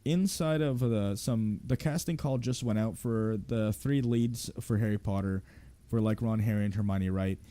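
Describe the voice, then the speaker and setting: A man's voice: fairly low pitch, normal speed, mellow. A young man ranting casually and profanely while he plays a game, rambling and sarcastic as he goes. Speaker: gaming streamer.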